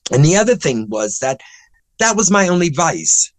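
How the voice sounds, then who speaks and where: A man's voice: fairly high pitch, very animated, normal speed, dry recording, rough recording. A man in his seventies, a guest in an interview, telling long anecdotes in a chatty, rambling way full of restarts. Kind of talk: animated anecdotal storytelling.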